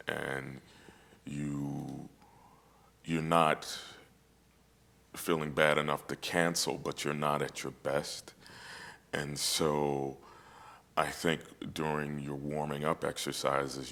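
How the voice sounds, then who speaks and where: Very deep-voiced man, reflective and halting. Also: little pitch movement, gravelly, fairly bright tone. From United States. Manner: reflective, halting with many restarts. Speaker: opera singer, guest. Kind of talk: casual conversation.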